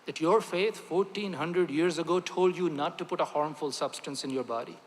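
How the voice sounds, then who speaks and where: A man's voice: on the high side, moderate pace. A man, a doctor, giving an earnest, emphatic speech at a religious convention, speaking directly to the audience. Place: large convention hall. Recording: long hall reverb.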